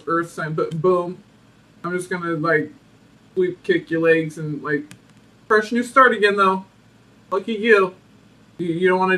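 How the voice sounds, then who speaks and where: A man with a high, light voice gives a casual tarot reading, full of sass, playful attitude and frequent laughter. The mic sits some way off, so he sounds distant. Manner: sassy and animated, laughs often. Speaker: tarot reader.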